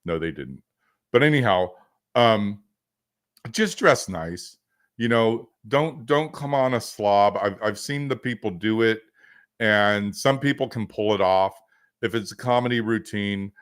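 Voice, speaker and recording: A man's voice: on the low side, unhurried, smooth. Man coaching off the cuff on a livestream. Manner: casual, rambling, filler-heavy with joking asides. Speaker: business coach hosting a livestream.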